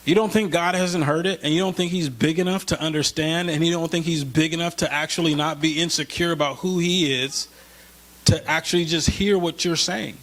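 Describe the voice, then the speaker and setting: A male pastor preaching a conversational sermon in a church, slowing down for scripture and rising when he voices a plea. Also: on the high side, fairly even intonation, a bit bright. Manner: conversational, slows for scripture, rises when pleading.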